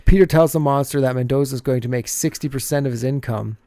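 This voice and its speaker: A man's voice: mid-range voice, fast talker, dark tone, no room sound. A man co-hosting a podcast, casually recapping a TV episode scene by scene and laughing often as he goes.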